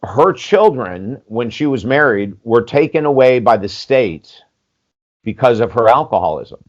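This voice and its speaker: An older man in his sixties tells a personal story in a podcast interview, his pitch sitting in an ordinary middle range. He talks candidly and animatedly, acting out the voices of people he quotes and peppering his speech with "you know." The audio is slightly dull and lo-fi. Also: a little slow. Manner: animated, acts out quoted dialogue, frequent "you know", casual swearing. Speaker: podcast guest, life coach.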